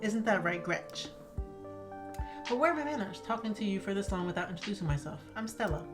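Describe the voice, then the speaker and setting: A chatty small-town woman, voiced by a woman reading a game aloud, neighborly and a bit gossipy. She talks easily to a stranger about her old dog. Game music plays clearly behind. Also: medium pitch, lively intonation, brisk, lightly acted. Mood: friendly chatty.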